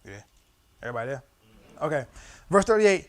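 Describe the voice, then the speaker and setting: A man's voice: on the high side, a little fast, fairly bright tone. A young man leading a church Bible study, telling loose personal stories with slang and frequent laughter.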